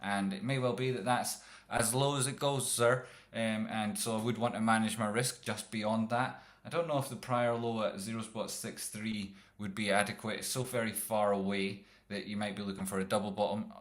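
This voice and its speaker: A man with a lowish, forceful, bright voice walks through stock charts on a live stream. He rambles, jokes and swears along the way. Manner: rambling, jokey, profane. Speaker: trading streamer.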